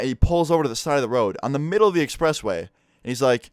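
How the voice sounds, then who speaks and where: A man's voice: mid-range voice, racing, clear, resonant tone, dry recording, clean studio sound. A man telling a childhood story in a casual, profane vlog style. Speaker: vlogger.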